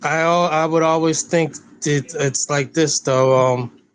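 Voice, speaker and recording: A man's voice: on the high side, fairly even intonation, unhurried, clean tone, no echo, rough recording. A man co-hosting a casual streamed discussion, reasoning step by step with hesitations and restarts.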